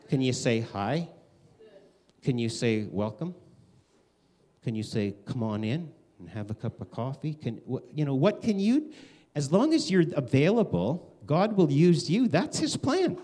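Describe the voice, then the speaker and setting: A man preaching a conversational sermon, animated, acting out quoted voices with big swings. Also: mid-range voice, measured pace. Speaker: pastor.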